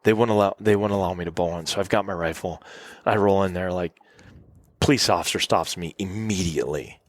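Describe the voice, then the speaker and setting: A middle-aged man with a fairly low voice tells a rambling story as a podcast guest. He talks casually and acts out the people in his tale, and the sound is close and dry with little room echo. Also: a little fast. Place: cabin.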